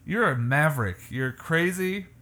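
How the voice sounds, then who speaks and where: A man in his thirties hosting a podcast, chatting casually with his wife, laughing often and chiming in warmly. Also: on the high side, animated, measured pace. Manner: laughs often, affectionate interjections. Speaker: podcast host. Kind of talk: casual chat.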